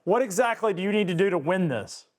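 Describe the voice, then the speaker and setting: Male host, casual chat, higher-pitched, stumbles and repeats words when starting sentences. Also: animated, quick pace, a little mellow. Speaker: show host.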